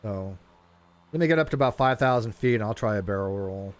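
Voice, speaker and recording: A man streaming a flight simulator, talking casually and rambling as he flies, often stumbling over his words and getting excited. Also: fairly low pitch, a little fast. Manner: rambling, self-interrupting, excitable. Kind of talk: casual live gameplay commentary.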